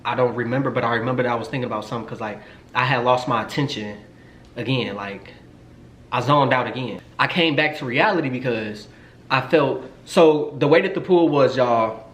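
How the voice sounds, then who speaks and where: Young man, twenties, casual storytime, animated, swearing, teasing, roomy echo. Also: medium pitch, brisk. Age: 20s. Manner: chatty and animated, swears a lot, jokes and teases. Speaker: vlogger. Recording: roomy echo, faint noise.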